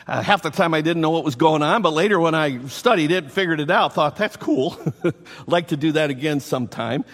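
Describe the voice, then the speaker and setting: A man preaching a sermon, enthusiastic and animated, repeating phrases for emphasis. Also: fairly high pitch, brisk. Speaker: pastor. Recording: long reverb from the hall.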